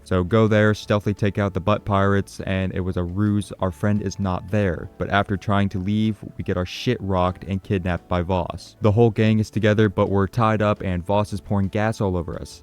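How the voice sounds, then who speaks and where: A man with a smooth, low voice rattles through a comedic video game recap, sarcastic and crude. He swears constantly and mocks everything on screen. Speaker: gaming video narrator.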